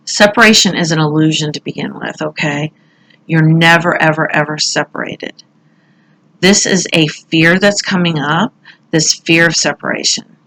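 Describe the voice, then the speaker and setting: A woman's voice: deep voice, fairly bright tone, rough recording. A middle-aged woman talking casually through a tarot reading, chatty and candid, now and then swearing or laughing at herself. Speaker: tarot reader.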